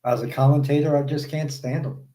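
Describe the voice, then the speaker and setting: A man's voice: medium pitch, fairly even intonation, brisk, warm tone. A man co-hosting a wrestling podcast, talking bluntly and cursing freely. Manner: blunt, profane venting. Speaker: podcast co-host. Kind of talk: casual wrestling chat.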